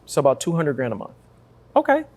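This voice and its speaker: A man from Africa hosting a talk show, energetic and joking as he teases his guests. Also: a little high, quick pace. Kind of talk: lively talk show interview.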